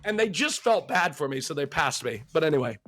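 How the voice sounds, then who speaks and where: High, lively American streamer host. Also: male voice, fairly quick, husky, faint music behind. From United States. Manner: energetic, joking, repeats himself. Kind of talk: casual streamed interview.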